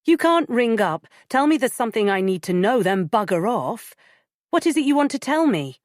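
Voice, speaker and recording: A woman's voice: medium pitch, expressive, normal speed, dry recording, clean studio sound, lightly acted. A woman reading an audiobook, voicing a woman who speaks firmly and bluntly on the phone. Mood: urgent. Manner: firm and blunt. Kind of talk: audiobook character voice.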